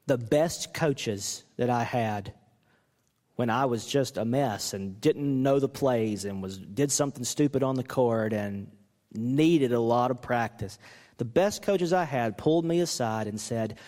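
A man, a pastor, preaching a sermon in an animated way, acting out the people he quotes. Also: mid-range voice, in a large hall. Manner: animated, acts out quoted coaches with rising voice.

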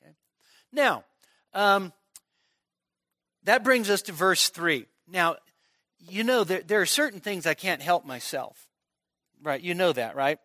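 A male pastor gives a conversational expository sermon at a midweek service. He often pauses to check in with his listeners. His voice sits a little high and sounds bright, and the recording is dry and close. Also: animated, no echo.

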